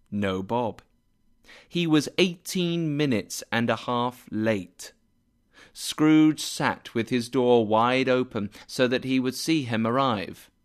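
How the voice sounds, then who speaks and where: A man reading a simplified classic story aloud as narrator, slow and measured. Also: medium pitch.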